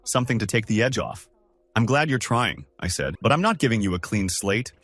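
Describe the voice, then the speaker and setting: A man's voice: lowish voice, brisk, breathy edge, no echo. A man narrating first-person relationship stories in a scripted reading style. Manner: steady storytelling, lines read one after another.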